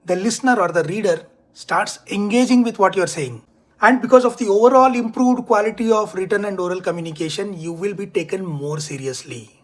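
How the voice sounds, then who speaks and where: Man with a high voice, emphatic writing-coach delivery for an online lesson. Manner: clear, emphatic, deliberate teaching delivery. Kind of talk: scripted online English lesson.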